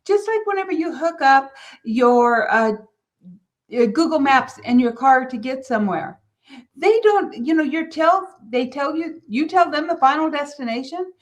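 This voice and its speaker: A middle-aged woman from California hosting a motivational business podcast, telling a family story with lively, animated delivery. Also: high voice, measured pace. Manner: storytelling, animated, quotes others in character. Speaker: podcast host.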